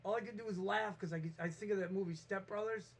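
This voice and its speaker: A man's voice: high voice, quick pace, slight background noise. A man casually telling a rambling story to the camera, acting out the quotes with a lot of feeling. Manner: rambling, animated, restarts and acts out quotes. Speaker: vlogger.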